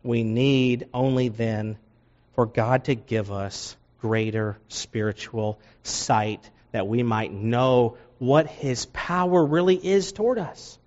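A man preaching a sermon, reading scripture aloud and rising loud and high for emphasis, then dropping low for asides. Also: fairly even intonation, slow pace. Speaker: pastor. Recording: dull lo-fi sound.

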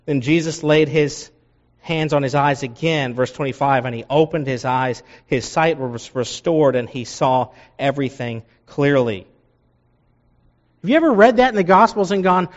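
A man preaching a sermon, reading scripture aloud and rising loud and high for emphasis, then dropping low for asides. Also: moderate pace. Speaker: pastor. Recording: dull lo-fi sound.

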